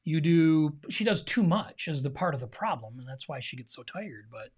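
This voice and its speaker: A man's voice: fairly high pitch, expressive, moderate pace, darkish tone, slightly rough. A middle-aged man co-hosting a podcast in casual chat, earnest and opinionated, talking straight to the listeners. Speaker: podcast co-host.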